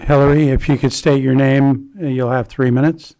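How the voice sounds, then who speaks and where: A man's voice: mid-range voice, flat delivery, moderate pace, warm tone. A man chairing a county meeting, giving brief procedural cues from a distance from the mic. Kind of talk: chairing public comment.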